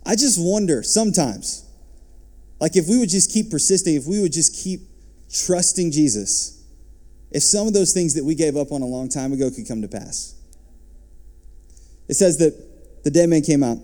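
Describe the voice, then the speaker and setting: Man preaching an animated sermon, mellow tone. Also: a little high, moderate pace, long pauses. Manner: animated preaching, rising and dropping to soft asides. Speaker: pastor.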